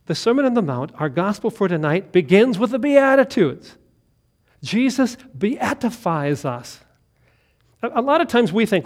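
Male pastor, sermon; high-pitched, very expressive delivery that jumps between loud and hushed. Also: a little slow. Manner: animated, swings from loud emphatic lines to quiet hushed ones; laughs and asks listeners questions.

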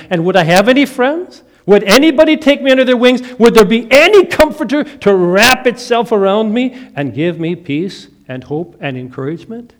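A middle-aged man from the Upper Midwest preaches through a personal story. His voice sits fairly high for a man. He sinks to near-whispers on the tender moments and swells on the promises. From Upper Midwest of the United States. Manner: dramatic storytelling, swinging from hushed to emphatic. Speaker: pastor. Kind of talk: storytelling sermon.

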